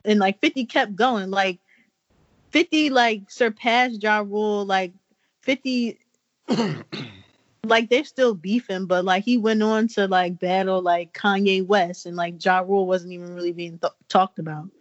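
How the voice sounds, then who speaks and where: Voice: mid-range voice, measured pace, no echo. A podcast co-host in casual chat, rambling with lots of filler words. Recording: dry, lo-fi sound.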